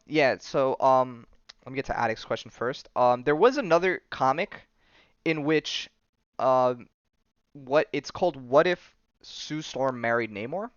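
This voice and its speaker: A man's voice: mid-range voice, no room sound, dull audio. A man hosting a podcast, recapping comics in casual chat full of fillers and restarts. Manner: rambling, many fillers and restarts. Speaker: podcast host.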